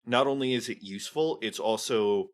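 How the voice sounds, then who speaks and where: A man's voice: medium pitch, normal speed. A man guesting on a podcast, explaining game design in a thoughtful, casual way and leaning on lots of "like" fillers. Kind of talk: casual chat about tabletop games.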